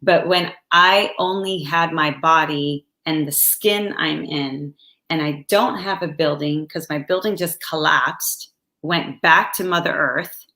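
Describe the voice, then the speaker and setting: Slow, bright-voiced woman in echoey room. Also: low-pitched. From United States. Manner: slow, soft-spoken and halting. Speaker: guest. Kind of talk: reflective personal storytelling.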